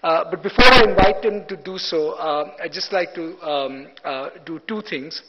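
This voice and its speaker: A man's voice: on the high side, moderate pace, very noisy. A man with an Indian accent moderates a panel, speaking politely and hesitantly with many fillers. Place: large hotel hall. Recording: dull recording in a reverberant hall.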